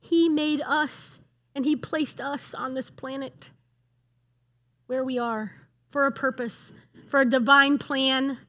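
A woman's voice: high-pitched, fairly even intonation, slow, pauses often, bright, forceful tone. A middle-aged woman giving a conversational sermon, earnest and asking the room questions. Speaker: speaker at a church gathering.

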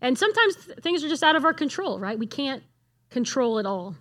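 A woman's voice: high voice, very animated, brisk, a bit bright. A middle-aged woman giving a conversational sermon, earnest and asking the room questions. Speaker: speaker at a church gathering.

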